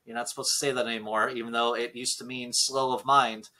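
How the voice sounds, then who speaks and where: A man hosting a podcast in casual chat, ranting and swearing, voice swinging between loud and soft. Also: mid-range voice, little pitch movement, fast, poor audio. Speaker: podcast host. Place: basement room.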